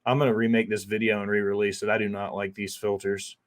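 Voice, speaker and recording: A man's voice: on the low side, level tone, quick pace. A man who is a chef, talking through a cooking video in a loose, rambling way, swearing freely and filling gaps with "like" and "um". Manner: profane, loose and rambling with lots of fillers. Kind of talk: casual cooking voice-over.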